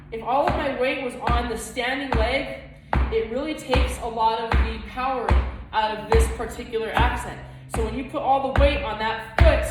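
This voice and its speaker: A woman with a fairly high voice teaches flamenco footwork, counting beats out loud while she dances. She sounds far from the mic in a very echoey room. Loud music plays behind her. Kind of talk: online dance lesson.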